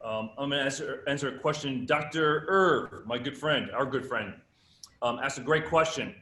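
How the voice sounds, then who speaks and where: A man's voice: medium pitch, normal speed, bright, forceful tone, reverberant. A man giving a live workshop lecture at a fitness conference, emphatic and teaching with rhetorical questions.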